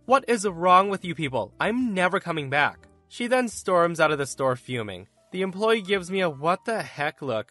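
A man hosting a podcast, reading stories aloud in an animated storytelling way. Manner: animated storytelling with lively pitch.

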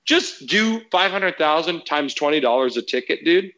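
A man's voice: on the high side, animated, moderate pace, bright, forceful tone, lo-fi sound. A man in casual podcast chat, telling a story as a heated, profane rant.

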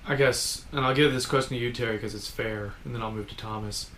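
A man's voice: medium pitch, steady tone, fast, fairly bright tone. A man hosting a casual chat, thinking aloud and hedging with fillers as he puts a question to his guest. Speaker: podcast host. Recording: echoey room with faint noise.

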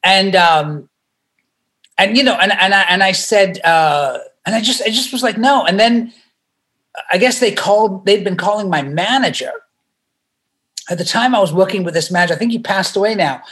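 A middle-aged man shares an anecdote in a casual, animated way, often laughing and restarting his sentences. His voice is bright and forward. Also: sits high, normal speed. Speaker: actor guest. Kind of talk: casual storytelling.

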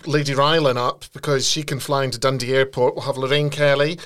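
A man's voice: medium pitch, little pitch movement, a little fast, a bit bright. A man co-hosting a podcast, full of cheeky, camp quips. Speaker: podcast co-host. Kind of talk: jokey podcast banter.

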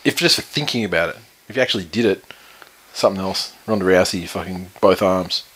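A man's voice: deep voice, a bit bright, breathy edge. A man hosting a podcast, rambling and swearing freely in casual banter. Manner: rapid, profane, rambling. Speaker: podcast host.

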